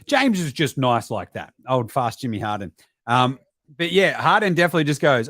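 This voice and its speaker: An Australian man hosting a basketball stream, talking in a sweary, animated way that jumps into mocking voices and sudden shouts. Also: medium pitch, moderate pace, dry recording, studio quality. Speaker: basketball podcast host. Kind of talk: profane casual live-stream commentary.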